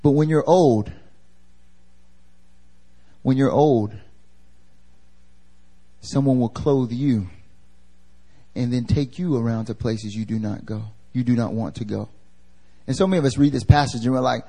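A man preaching a church sermon with dramatic swings between loud emphasis and hushed, near-whispered lines, acting out voices from the story. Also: medium pitch, unhurried, pauses often. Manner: acts out quoted voices, laughs at himself. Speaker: pastor. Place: church service, live.

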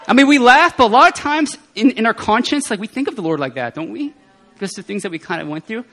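A man speaking at a prayer meeting, telling personal testimony stories in an animated way and often laughing. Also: high voice, fast talker, soft background music. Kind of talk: testimony sermon.

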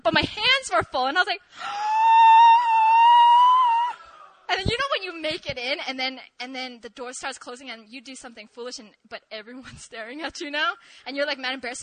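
A young woman telling an animated story to an audience, excitable and laughing often. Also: sits high, quick pace, few pauses, low-quality recording. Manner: excitable, shrieks in re-enacted moments, laughs often. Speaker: speaker sharing a testimony.

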